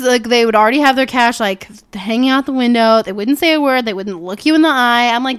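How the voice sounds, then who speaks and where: Young woman, casual storyteller, lively and expressive, pitch a bit high. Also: quick pace, hardly any pauses, smooth. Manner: animated storyteller, acts out customers in voices. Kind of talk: casual chat.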